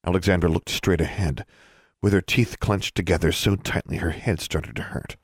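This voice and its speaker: A man narrating a fantasy novel as an audiobook in a steady, even storytelling manner. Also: deep voice, moderate pace, breathy edge, dry recording, clean studio sound.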